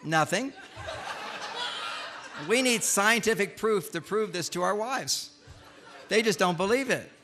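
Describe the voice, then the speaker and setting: An older man giving a humorous lecture to a live audience, an animated storyteller who acts out the lines he quotes. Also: high-pitched, unhurried, pauses often, crowd noise, noisy background. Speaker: speaker giving a talk.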